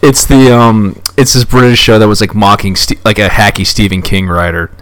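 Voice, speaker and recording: A man's voice: fairly low pitch, fairly even intonation, moderate pace, fairly bright tone, no room sound. A man co-hosting a podcast, chiming in with short, dry remarks during casual chat. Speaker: podcast co-host.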